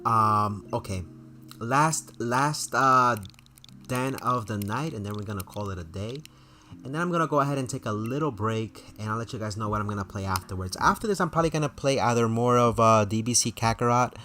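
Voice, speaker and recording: A man's voice: medium pitch, a little fast, pushed and bright, slight background noise. A man streaming a game and chatting casually with his viewers, laughing often. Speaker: gaming streamer. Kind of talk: casual live-stream chat.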